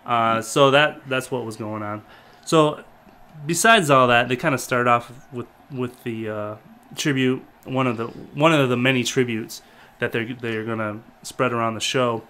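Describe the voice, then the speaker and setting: A man talking casually as a co-host, retelling a show in a loose, rambling way. He hesitates often, with fillers and self-corrections, at an ordinary middle pitch. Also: steady tone, measured pace, bright, forceful tone, clear, resonant tone. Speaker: podcast co-host. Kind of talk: casual review chat.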